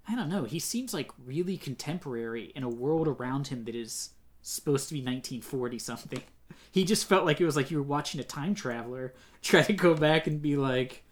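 A man's voice: mid-range voice, lively intonation, brisk. A man co-hosting a comic book podcast in casual chat, opinionated and rambling, full of "like". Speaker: podcast co-host.

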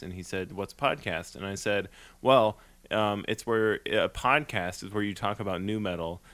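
A man's voice: on the low side, a bit bright. A man co-hosting a podcast, chatting casually in a rambling, jokey way. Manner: rambling, jokey, puts on silly voices. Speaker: podcast co-host. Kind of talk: casual comedic podcast chat.

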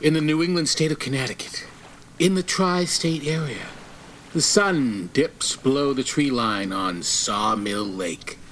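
A man's voice: mid-range voice, a little slow, a bit bright, slight background noise. A man giving dramatic, suspenseful scripted narration for an audio comedy.

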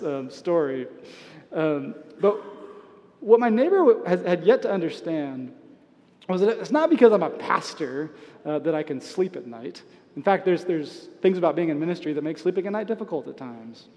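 A man preaching a sermon as pastor, conversational, with soft asides and light chuckles. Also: fairly high pitch, big-room sound. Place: church sanctuary.

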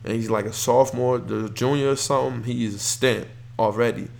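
A young man hosts a solo sports podcast in a loose, rambling way, full of fillers and restarts. His voice is gravelly, and his pitch sits in the middle for a man. He keeps getting worked up and firing questions at the listener. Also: fairly even intonation, fairly quick, a little mellow. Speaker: podcast host. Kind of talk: casual solo sports talk.

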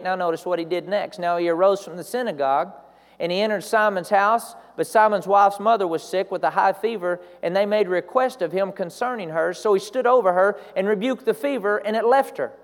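A man's voice: high-pitched, in a large hall. A man preaching a sermon, building to emphatic repeated declarations.

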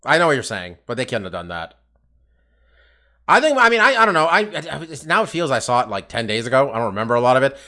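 A man co-hosting a casual podcast chat, animated and laughing, swearing freely. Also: medium pitch, quick pace. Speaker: podcast co-host.

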